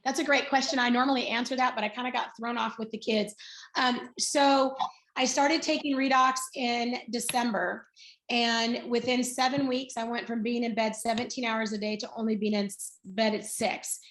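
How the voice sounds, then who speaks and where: A woman in her sixties shares her personal story on a video call, chatty and animated as she acts out the dialogue. Her voice sits a bit high. Her voice carries a noticeable room echo. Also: moderate pace. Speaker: guest speaker. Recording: roomy echo.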